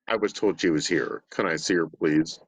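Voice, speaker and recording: A man doing a deep, flat killer-cyborg voice. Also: moderate pace, creaky, lo-fi sound, a little hiss or hum, heavily acted. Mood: robotic. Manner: flat, low, mechanical.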